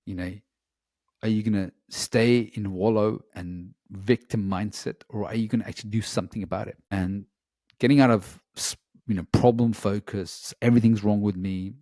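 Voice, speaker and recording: A man speaks earnestly and reflectively, telling a personal story as an interview guest. His voice sits slightly low, and he often pauses on "you know". The sound is dry and close, with no room echo. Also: warm tone.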